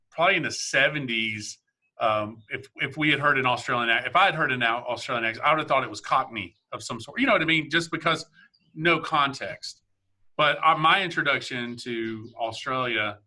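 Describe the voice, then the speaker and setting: Very bright, chatty male host. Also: medium pitch, normal speed. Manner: chatty, laughs easily. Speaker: podcast host. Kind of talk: casual interview chat.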